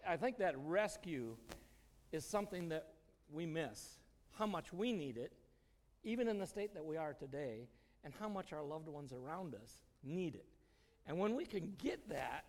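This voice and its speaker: Folksy man telling stories in a hall. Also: on the high side. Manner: folksy, storytelling, chuckles often. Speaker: church speaker. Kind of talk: informal sermon with personal stories.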